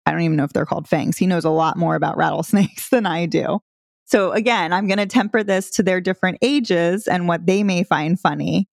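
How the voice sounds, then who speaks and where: A woman's voice: on the low side, brisk, gravelly, dry recording. Playful mom-coach in her 30s chatting about parenting, laughs a lot, dry close sound. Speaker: parenting coach and podcast host. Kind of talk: casual instructional talk.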